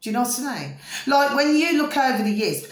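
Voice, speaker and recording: A high-pitched, reverberant voice with big pitch swings and a slightly fast pace belongs to a middle-aged British vlogger. Chatty and rambling to camera, she often checks her viewers follow, repeating "do you see what I mean?" and "ding ding."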